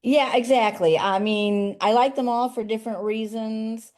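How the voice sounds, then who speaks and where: A woman who writes poetry for children, chatting lively in an interview over a video call. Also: a little high, measured pace. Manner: lively, chatty, laughs easily. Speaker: children's poet and author. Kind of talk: casual interview chat.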